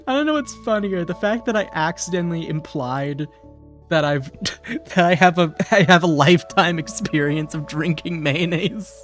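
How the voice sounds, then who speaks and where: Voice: medium pitch, lively intonation, a little slow, soft background music. A streamer playing a life-sim game in casual live-stream chat, who jokes, swears freely, laughs at their own slips and sometimes drops into a put-on mobster accent.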